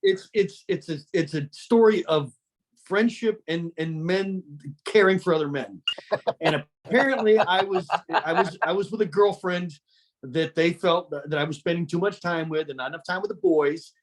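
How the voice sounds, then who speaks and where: A man's voice: a little high, normal speed, low-quality recording. Rambling man telling an old story. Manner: rambling, repeats words while remembering. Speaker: podcast host telling a story. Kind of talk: casual storytelling chat.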